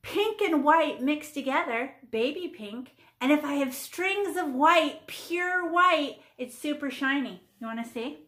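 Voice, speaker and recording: A woman's voice: high-pitched, lively intonation, unhurried, few pauses, fairly bright tone, echoey room. A woman in her fifties teaching children to paint, playful and chatty, teasing the class and talking to herself as she works. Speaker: art teacher.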